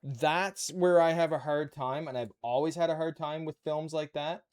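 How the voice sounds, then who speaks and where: A man's voice: a little high, moderate pace, darkish tone, clear, resonant tone. A Canadian man with a Canadian accent, casually chatting and bantering with his viewers while building a model kit on a live stream. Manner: chatty, playful banter with chat.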